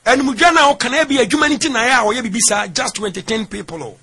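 A Ghanaian man with a high, bright, husky voice interviews a guest on the radio. He talks fast and lively, probing with questions in Twi and English. The sound is that of a radio broadcast.

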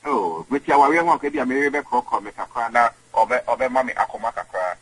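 Animated husky Ghanaian man. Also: mid-range voice, fast talker, low-quality recording. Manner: animated, switching between English and Twi. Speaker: interview guest. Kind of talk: emotional interview talk.

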